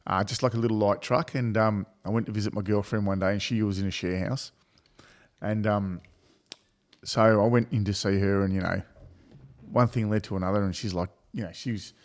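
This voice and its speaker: A man's voice: lowish voice, steady tone, brisk. A middle-aged man, telling a crude story in casual banter and laughing as he goes. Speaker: podcast co-host.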